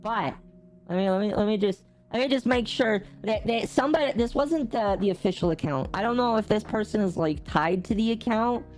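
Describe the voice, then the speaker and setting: A woman gaming streamer chatting casually to her live chat, ranting with big jumps in pitch and frequent laughter. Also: fairly quick, a little mellow, soft background music.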